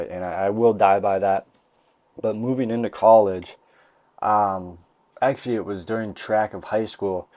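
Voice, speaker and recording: A man's voice: lowish voice, a little mellow, dry recording. A young man hosting a casual comedic podcast monologue, rambling and jokey with lots of restarts. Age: young adult. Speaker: podcast host. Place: college bathroom. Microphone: desk mic.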